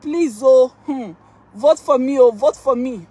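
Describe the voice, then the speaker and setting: A woman's voice: high-pitched, unhurried, warm tone, slightly rough. A Nigerian woman on a live stream, emotionally pleading with fans to vote, repeating herself and laughing often. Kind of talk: excited live-stream chat.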